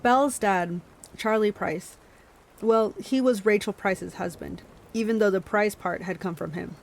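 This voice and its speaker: A woman's voice: mid-range voice, unhurried, creaky, a little hiss or hum, poor audio. A woman hosting a book club stream, reading a novel aloud with small stumbles and self-corrections, and chatting to her viewers between passages.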